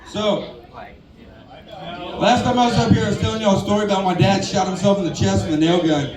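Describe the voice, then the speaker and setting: A man's voice: sits high, animated, fairly quick. A man, telling stand-up stories in a laid-back drawl on a saloon stage. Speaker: stand-up comic. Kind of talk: stand-up comedy set. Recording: roomy bar recording from far off with crowd.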